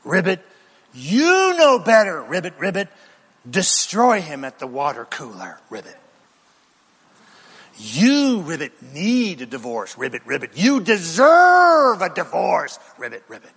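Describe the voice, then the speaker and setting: A man putting on a taunting male frog-like demon spirit that croaks between goading urges. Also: a little high, wildly swooping pitch, a little slow, fairly bright tone, big-room sound, full character voice.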